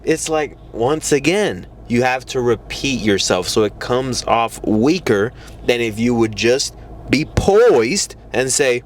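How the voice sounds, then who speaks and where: A man's voice: medium pitch, animated, measured pace, a little hiss or hum. A man giving casual dating advice in a blunt, profane way, often mocking how other guys talk.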